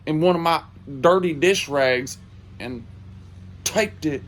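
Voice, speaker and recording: A man telling a comedic story in a casual way, swearing freely and delivering his punchlines flatly. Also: fairly high pitch, slow, a little hiss or hum. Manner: profane, animated, deadpan punchlines.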